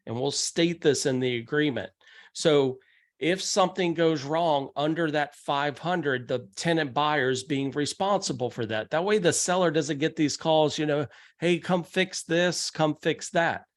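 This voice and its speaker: A man's voice: fairly high pitch, normal speed. A man giving a real estate investing seminar talk, speaking conversationally and acting out the people he quotes. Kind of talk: seminar presentation. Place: meeting room.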